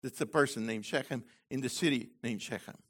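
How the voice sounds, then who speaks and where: A man preaching a sermon to his congregation, swinging between loud, emphatic lines and quiet asides, with frequent digressions and restarts. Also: medium pitch, a little fast. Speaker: messianic congregation leader.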